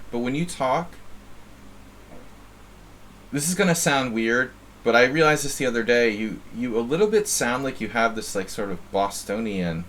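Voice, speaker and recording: Slight background noise accompanies this medium-pitched, somewhat bright male voice. He's from New Jersey, USA, musing through casual live-stream chess commentary and frequently repeating words as he thinks aloud.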